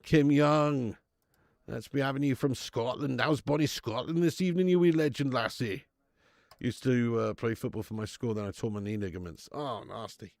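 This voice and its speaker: A gravelly-voiced man hosts a live football watch-along, trading banter with his chat and slipping into quick match commentary. He laughs often and talks in a loose, chatty way. The sound is dry and close to the mic. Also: mid-range voice, a little mellow, dry recording. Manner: chatty, banter-heavy, laughs a lot, greets chat by name.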